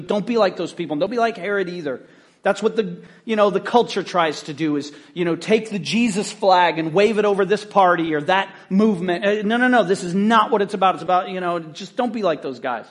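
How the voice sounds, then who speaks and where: High-voiced man preaching a casual sermon. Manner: conversational, animated storytelling. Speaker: pastor.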